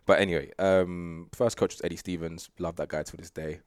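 A young man with a low voice talks briskly as a guest sprinter in a casual interview, relaxed and rambling, full of fillers and laughs. The recording is clean studio sound with no room sound.

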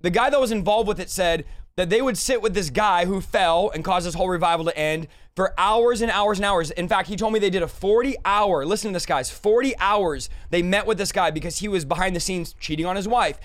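A man's voice: sits high, a little fast. A man hosting a faith podcast, speaking earnestly and emphatically, often addressing viewers directly. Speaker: podcast host. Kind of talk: impassioned preaching-style podcast talk.

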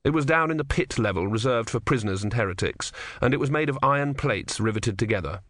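A man reads a comic fantasy audiobook with wry, expressive timing. His mid-range voice moves with a lively, animated melody. The recording is dry and close. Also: mid-range voice, quick pace, no room sound. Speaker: audiobook narrator. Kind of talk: scripted narration.

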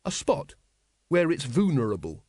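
A man's voice: on the high side, wildly swooping pitch, moderate pace, a little mellow, breathy edge, no room sound, studio quality, heavily acted. A man voicing an earnest, naive young male guard recruit who speaks dutifully and literally.

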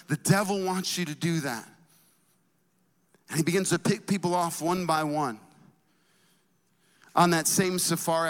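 A man preaching a sermon as a pastor, talking to the congregation in an energetic, conversational way with casual asides. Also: fairly high pitch, big-room sound.

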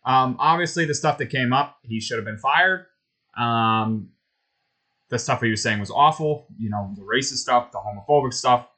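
A man's voice: mid-range voice, moderate pace, bright, forceful tone. A man hosting a casual sports talk show, blunt and opinionated, with lots of fillers. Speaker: host.

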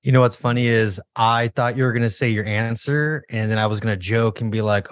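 A man co-hosting a casual podcast, relaxed and chatty. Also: lowish voice, brisk, few pauses, no echo, clean studio sound. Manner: relaxed, says dude and man. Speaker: podcast co-host. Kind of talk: casual chat.

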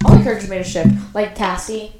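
A woman's voice: mid-range voice, level tone, fast talker, reverberant, heavy background noise. A woman co-hosting a podcast, making enthusiastic casual remarks. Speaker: podcast co-host. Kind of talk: casual chat.

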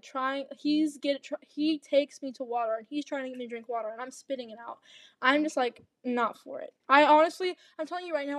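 A young woman co-hosting a casual podcast, her voice high and chatty. She rambles through her story with plenty of restarts. The sound is dry and close, with no room echo. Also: fairly bright tone. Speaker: podcast co-host. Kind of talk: casual chat.

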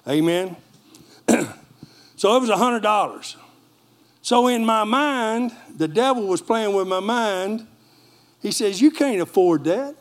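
A middle-aged male pastor preaching a sermon with lively storytelling and call-and-response asides to the congregation. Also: high-pitched, takes it slowly, pauses often.

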